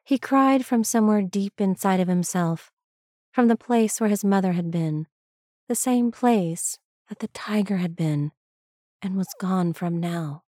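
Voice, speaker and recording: A woman reading a story aloud as scripted narration, slow and even. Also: medium pitch, no echo, studio quality. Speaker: reader.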